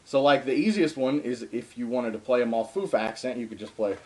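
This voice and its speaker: A young adult man gives a casual spoken darbuka lesson in a room at home, drumming between phrases. He talks informally, with frequent ums and uhs, in a medium-pitched voice at a slightly fast pace, and there's heavy background noise.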